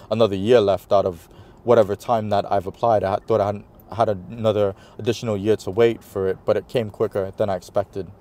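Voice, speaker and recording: A man with a New York accent, a guest in an interview, retelling a personal story animatedly and acting out the dialogue. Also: on the low side. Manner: animated retelling, acts out quoted dialogue, many fillers.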